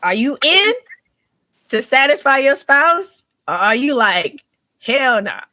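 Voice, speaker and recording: A woman's voice: high voice, very animated, slow, pushed and bright, no echo, studio quality. A young adult woman hosting a casual live podcast, upbeat and teasing, laughing often. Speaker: podcast host.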